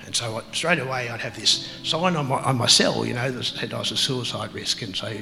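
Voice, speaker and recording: A man telling his life story as an interview guest, halting and reflective, with many pauses and fillers. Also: mid-range voice, gravelly, big-room sound, rough recording. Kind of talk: personal testimony in an interview.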